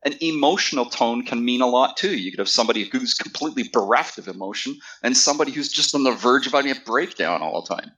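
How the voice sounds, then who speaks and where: Guy with a bright voice chatting on a gm panel, easygoing advice, thinking out loud. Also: mid-range voice, lively intonation, fast talker, hardly any pauses, poor audio. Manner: thoughtful, advice-giving. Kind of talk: casual panel discussion.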